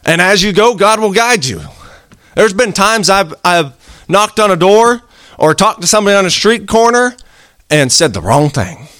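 A man delivers an earnest, conversational sermon, his voice a touch higher than most and full of swings in pitch. The sound is dry and close, with little room around it. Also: animated, moderate pace, fairly bright tone, no echo. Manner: earnest, conversational preaching with acted-out quotes. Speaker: preacher.

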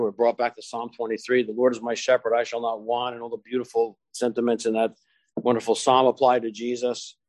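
A man delivers a sermon in a medium-pitched voice, recorded dry and close with little room sound. He slows down and leans on key phrases as he reads scripture, then settles back into an easy teaching tone. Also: a little mellow, dry recording. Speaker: preacher.

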